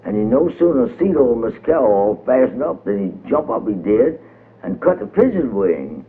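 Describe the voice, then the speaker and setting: Man, rhythmic folk storytelling, lively pitch, tinny old radio sound. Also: moderate pace. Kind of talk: dialect folk-tale reading.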